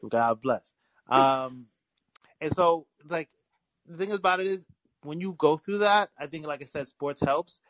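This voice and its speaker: A young man calling in to a podcast, talking casually in a rambling way, with frequent restarts and animated storytelling. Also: on the high side, unhurried, no echo, poor audio. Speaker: caller. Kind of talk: casual call-in chat.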